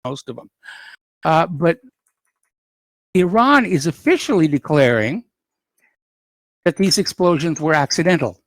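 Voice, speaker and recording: A male talk radio host reads through the day's news at an easy, unhurried pace and breaks in with blunt opinions. His voice sits a little high for a man. It is recorded dry and close in a studio, with no room sound. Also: big pitch swings, no room sound. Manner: unhurried, conversational, opinionated asides. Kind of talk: news commentary and call-in radio.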